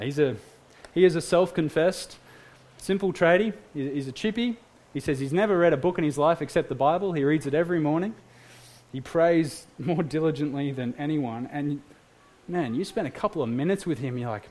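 A pastor delivers a sermon to his church. He talks earnestly and conversationally, often restarting a phrase. His voice sits slightly high for a man. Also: a little mellow.

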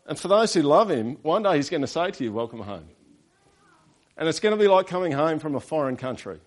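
A man with an Australian accent preaching a sermon, talking to his congregation in a relaxed way and dropping in quick rhetorical questions. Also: on the high side. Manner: conversational, with rhetorical tag questions. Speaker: pastor.

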